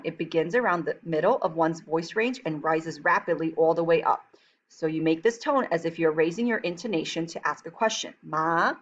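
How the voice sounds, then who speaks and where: A woman teaching a Chinese textbook lesson, talking quickly and chattily, and slowing down for careful pronunciation demonstrations. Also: on the low side, dull audio. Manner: fast-talking, chatty, switches into slow careful Mandarin demonstrations.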